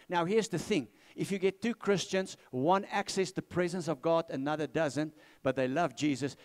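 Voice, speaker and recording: A man preaching a sermon in a church. He repeats his key phrases and asks the congregation to respond. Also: mid-range voice. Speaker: pastor.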